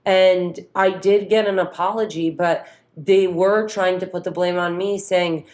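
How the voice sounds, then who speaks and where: A woman with a somewhat low voice co-hosting a casual podcast. She tells stories at length, acting out the lines of the people in them. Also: unhurried. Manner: storytelling, animated retelling with quoted voices. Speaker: podcast co-host. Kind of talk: casual chat.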